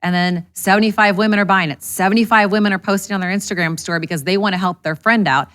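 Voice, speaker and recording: Fast-talking, blunt woman entrepreneur. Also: medium pitch, clean tone. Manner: rapid, animated, candid with swearing. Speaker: podcast guest, entrepreneur. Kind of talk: casual podcast conversation.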